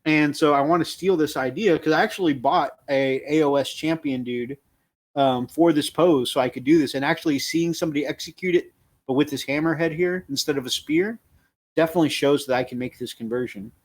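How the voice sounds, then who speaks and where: A man's voice: fairly high pitch, brisk. A man co-hosting a casual hobby livestream, chatting easily and reading out viewer comments. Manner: reads out viewer comments, easygoing. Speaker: co-host reading chat.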